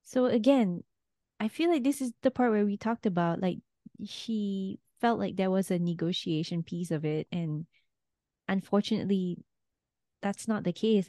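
A woman's voice: fairly low pitch, dark tone, dry recording, studio quality. A woman in casual conversation, thinking aloud and hedging her opinions about a reality show. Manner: thoughtful, hedging, laughs often.

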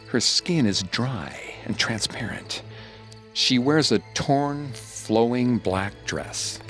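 Low-voiced man narrating a spooky story. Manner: slow, hushed, suspenseful delivery. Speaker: podcast host and narrator. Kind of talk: scripted horror narration. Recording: studio narration over faint music.

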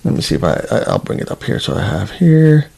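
A man in an interview, talking about his time as a trooper and reading email chains aloud. He speaks casually, with many fillers and false starts, in a voice of ordinary pitch. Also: huge pitch swings, fast talker, gravelly, warm tone, slightly rough. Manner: conversational, reads out documents, frequent fillers. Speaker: former state trooper.

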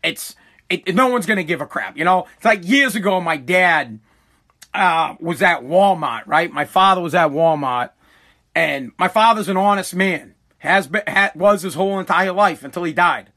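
Middle-aged man, high bright voice, blunt profane ranting host. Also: expressive, normal speed. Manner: profane, blunt, rambling storyteller. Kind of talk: ranting comedic monologue.

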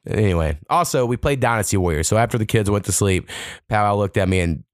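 A man's voice: fairly low pitch, quick pace, dry recording, studio quality. Profane man telling casual stories. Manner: profane, animated, quotes people in put-on voices. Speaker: podcast host. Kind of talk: casual solo storytelling.

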